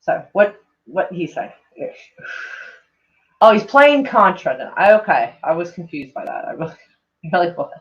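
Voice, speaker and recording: A woman's voice: fairly low pitch, sing-song, measured pace, long pauses. A woman streamer chatting casually with her viewers in a rambling, self-mocking way, swearing freely. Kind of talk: casual livestream chat. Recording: dull lo-fi sound.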